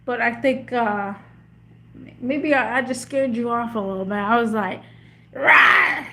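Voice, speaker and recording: A woman's voice: a little high, fairly even intonation, normal speed. A woman chatting casually with viewers on a livestream, emotional and slangy, rambling with lots of restarts. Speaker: livestream host.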